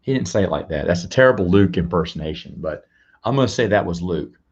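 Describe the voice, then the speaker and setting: Man host, low voice, chatty and rambling, dull lo-fi stream audio. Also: animated, fast talker, vocal fry, husky. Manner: rambling, repeats words and restarts; chats to viewers and reads out donations. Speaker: live-stream show host. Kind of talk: casual live-stream chat.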